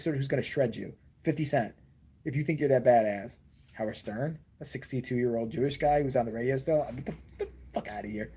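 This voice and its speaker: Husky, profane man ranting. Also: medium pitch, a little fast, mellow. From Chicago, USA. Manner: profane, ranting, heavy slang. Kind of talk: profane comedic rant, casual chat.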